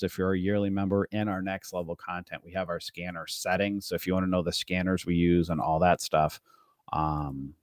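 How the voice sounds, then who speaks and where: A man's voice: on the low side, no room sound, studio quality. A man hosting a live day trading stream, explaining his charts casually with loose, rambling asides and fillers to his viewers.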